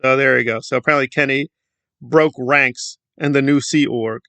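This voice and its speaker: Gravelly, sarcastic male commentator. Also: medium pitch, fairly even intonation, moderate pace, sharp tone, dry recording. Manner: sarcastic, lecturing, emphatic. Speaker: YouTube commentator. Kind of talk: opinion commentary vlog.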